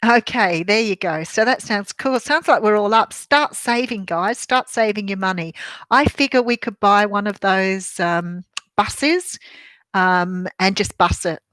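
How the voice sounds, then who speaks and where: A woman's voice: medium pitch, a little slow, fairly bright tone, no room sound, clean studio sound. Bubbly older Australian woman chatting. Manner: chatty and bubbly, laughs often, many ums. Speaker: tarot reader hosting a live stream. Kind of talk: casual live-stream chat reading viewer comments.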